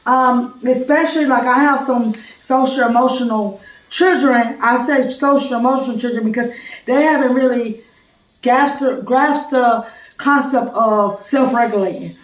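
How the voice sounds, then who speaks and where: A woman preschool teacher talks through a class presentation in a relaxed, conversational manner. Her voice sits a little high and comes from some distance off the mic, in a room with echo. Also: moderate pace. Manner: informal, conversational explaining.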